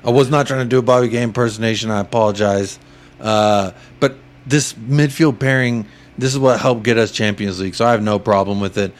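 A man's voice: lowish voice, fairly even intonation, brisk. A man co-hosting a sports podcast, chatting casually, thinking aloud with jokey asides. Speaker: podcast co-host.

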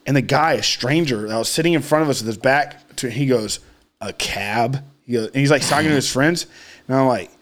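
A man's voice: medium pitch, quick pace. A man telling a rambling, profane story in casual chat as a podcast co-host. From Austin, Texas area.

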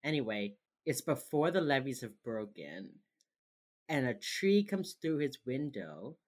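A woman's voice: a bass voice, big pitch swings, a little slow. A woman co-hosting a podcast, recapping a show in a wry, casual way. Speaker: podcast co-host. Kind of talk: casual chat.

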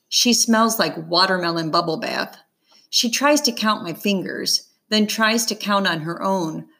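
A woman narrating a children's novel in the first person, calm and measured. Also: mid-range voice. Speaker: audiobook narrator.

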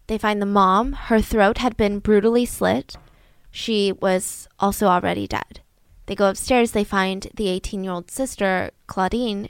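A woman's voice: mid-range voice, creaky, dry recording. A young woman hosting a podcast, recounting a true-crime case in a casual, chatty way full of fillers. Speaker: podcast host.

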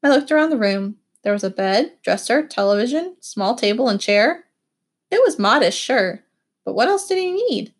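A woman giving expressive, animated first-person audiobook narration. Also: fairly high pitch, moderate pace.

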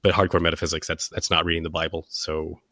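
A man's voice: very deep voice, level tone, fast, a bit bright, dry recording, studio quality. A man hosting a podcast while he has a cold, talking in a jokey way and slipping into playful impressions. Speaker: podcast host. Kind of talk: casual discussion.

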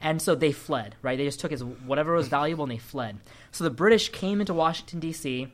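A man hosting a casual podcast chat, an animated storyteller who often breaks into laughter. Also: on the high side, fast talker. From Sri Lankan family. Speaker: podcast host.

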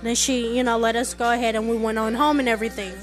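A young woman hosting a podcast, telling stories about her family in an animated, chatty, conversational way. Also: fairly high pitch, fast, faint music behind. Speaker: podcast host. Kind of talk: casual storytelling monologue.

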